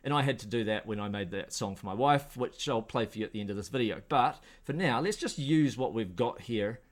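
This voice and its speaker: A man hosting a casual screen-share tutorial, relaxed and thinking aloud as he clicks through steps. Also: medium pitch, a little fast. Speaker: host.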